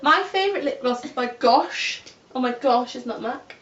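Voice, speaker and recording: A woman's voice: high voice, expressive, normal speed, distant mic, noisy background. A young woman, playfully teasing her friend as they chat about lip products. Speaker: beauty vlogger. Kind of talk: casual chat about makeup favourites. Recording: echoey dull audio, a little off-mic.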